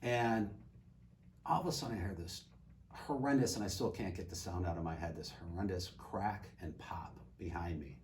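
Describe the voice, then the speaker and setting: Low-voiced retired man telling a story. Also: moderate pace. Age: older. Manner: animated storyteller, acts out quoted dialogue. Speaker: guest. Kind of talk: casual storytelling. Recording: distant mic with faint ambient noise.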